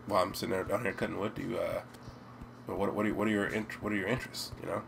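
A young American man with an American accent, chatting and rambling while playing a video game, breaking into loud yelps. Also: sits low, little pitch movement, fast, vocal fry, very noisy. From United States. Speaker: let's play gamer. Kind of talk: game commentary.

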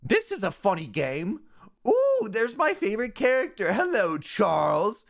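Squeaky gushing streamer guy, sing-song and over the top, swoops all over, a man hamming it up. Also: wildly swooping pitch, unhurried, creaky, full character voice. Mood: mock-cheerful. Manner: exaggerated, sing-song, mock-cheerful. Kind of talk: comedic parody voice.

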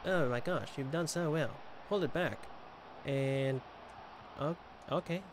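A man's voice: fairly high pitch, slow pace, background noise. Chatty joking man playing a football game. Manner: chatty, joking, talks to viewers and the players on screen. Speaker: gaming video creator. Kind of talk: casual gameplay commentary.

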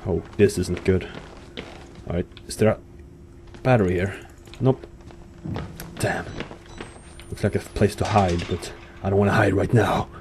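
A man's voice: low-pitched, steady tone, unhurried, long pauses, a little mellow, a little hiss or hum. A young man giving nervous commentary on a horror game, swearing and talking to himself and to the characters. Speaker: gamer. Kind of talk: horror let's play commentary.

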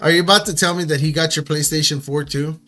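A leatherworker with a sharp, bright, fairly high voice jokes with his co-host. He speaks straight to viewers at times. Soft music sits under the talk. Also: steady tone, fast. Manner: joking, talks to viewers directly. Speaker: leather craftsman, show co-host. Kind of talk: casual chat.

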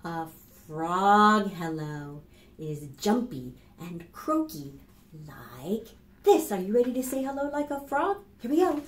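A librarian leads a children's storytime, reading aloud in a lively, sing-song way and addressing the young kids directly. Her voice sits in the mid range, she takes her time, and the sound is reverberant.

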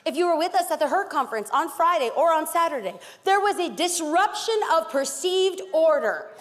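In a long, reverberant hall, a woman pastor from East Los Angeles, California, preaches with an extremely high-pitched, expressive voice at a moderate pace. Her sermon is emphatic and dramatic, broken up by playful asides.

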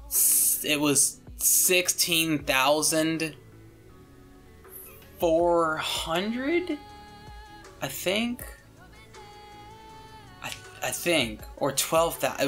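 A man's voice: fairly high pitch, lively intonation, takes it slowly, long pauses, bright, forceful tone, faint music behind. A young man hosting his channel and telling a story in a casual, rambling way, full of fillers and casual swearing.

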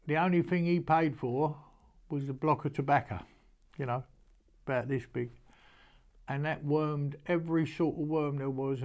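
A man's voice: medium pitch, darkish tone. Older man telling a rambling story. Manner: rambling, homely, stops and restarts a lot, speaks with feeling. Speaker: horseman showing an antique. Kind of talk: casual storytelling to camera.

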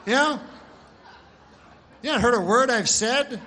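A man's voice: a little high, normal speed, pitched above the performer's own voice. A man voicing a proud rural farmer who brags insistently about his pig. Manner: excited, insistent storytelling.

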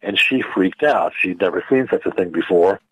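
Man, very low voice, dry close sound, halting explanation, radio guest. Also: husky, no room sound, phone-quality sound. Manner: measured, halting, many fillers and restarts. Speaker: guest physicist.

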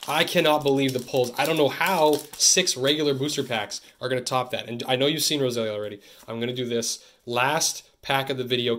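A young man from Canada hosting a card-opening video, chatting to camera in an excitable, jokey way that swings between loud bursts and muttered asides. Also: mid-range voice. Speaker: card-opening channel host. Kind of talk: casual pack-opening chat to camera.

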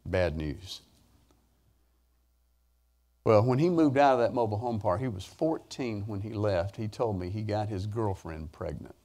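Preacher guy spinning a folksy story, voice jumps up loud then drops low. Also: a little slow, pauses often. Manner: animated, folksy storytelling with sudden rises in pitch and volume. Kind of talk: sermon storytelling.

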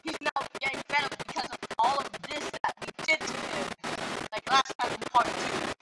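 A woman giving excited commentary on a racing game, yelping, crying out and trash-talking the other racers. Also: high voice, moderate pace, low-quality recording. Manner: excitable, yelps and cries out, playful trash talk at rivals. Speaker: gaming channel host. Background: loud music.

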